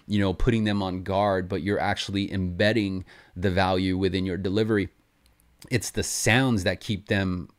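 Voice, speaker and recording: Sales coach, male, slightly low voice, lively and conversational, demos call openers. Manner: animated, acts out sample sales calls. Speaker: sales trainer. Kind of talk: casual coaching talk.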